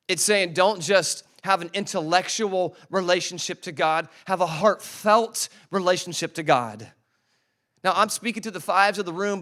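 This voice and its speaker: A man delivers a sermon in a relaxed, talky way, and his voice sits a little higher than most men's. He slows right down to lean on the words of a verse and calls on the room to say them back with him. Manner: conversational preaching, slows down to stress scripture; calls on the congregation to repeat after him. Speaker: pastor. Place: church service.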